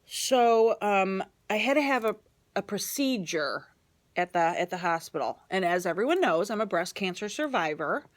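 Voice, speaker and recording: A middle-aged woman telling stories on a studio radio show. Her pitch swings freely as she chats. She talks in an easy, laughing way. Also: animated, normal speed. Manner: chatty, laughing storyteller. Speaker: show co-host. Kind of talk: casual radio chat. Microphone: studio microphone.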